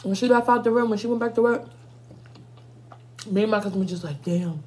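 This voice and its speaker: A young woman vlogger telling a storytime with lively, profane chatter aimed straight at her viewers. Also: a little high, fast. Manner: animated, profane, talks to viewers as y'all. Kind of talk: casual storytime while eating.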